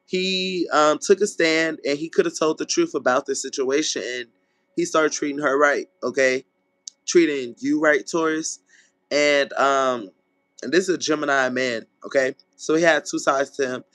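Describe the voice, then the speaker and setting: With no echo and a fairly high voice, a man does a casual tarot reading, cursing bluntly and animatedly acting out people's lines in quick voices, checking in now and then with "okay?"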